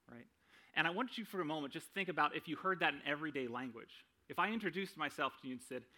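A man's voice: a little high, expressive, a little fast, sharp tone. A young man giving a sermon in a conversational way, often checking in with "right?" and adding self-deprecating humor. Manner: conversational, frequent "right?" tag questions. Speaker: preacher.

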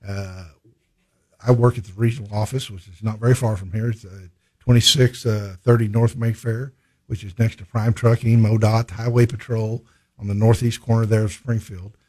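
A man from a state conservation department, speaking in a halting, conversational way with many fillers and restarts. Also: on the low side, little pitch movement, warm tone. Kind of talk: conversational interview storytelling.

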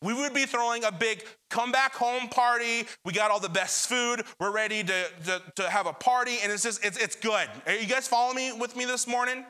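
A man's voice: very high voice, fairly quick, hardly any pauses, sharp tone, smooth. A young adult man preaching a sermon, addressing the congregation directly and retelling scripture with dramatic energy. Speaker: pastor.

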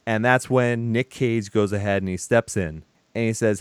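Smooth-voiced man retelling a movie. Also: on the low side, normal speed, hardly any pauses, no echo. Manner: animated retelling, acting out lines. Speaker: podcast co-host. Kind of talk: casual movie recap chat.

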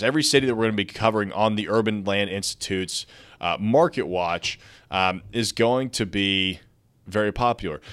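A man's voice: fairly low pitch, a bit bright. A young man hosting a casual real estate news show, reading articles aloud and breaking in with chatty asides. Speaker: podcast host. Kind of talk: casual market news commentary.

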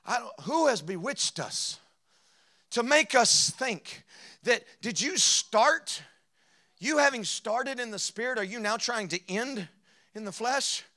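A man preaching a sermon with passion, swinging between loud emphasis and quiet asides, and slowing down to read scripture. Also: very high-pitched, lively intonation. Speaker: pastor.

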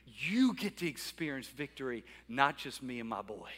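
A man voicing God as a gentle, tender father speaking softly to his children. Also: mid-range voice, sing-song, normal speed, in a large hall, voice pushed down.

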